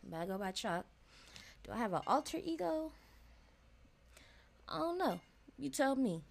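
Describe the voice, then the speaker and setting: A woman's voice: fairly high pitch, sing-song, a little slow, vocal fry. A young woman hosting a casual solo podcast, talking frankly and chattily straight to her listeners. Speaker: podcast host.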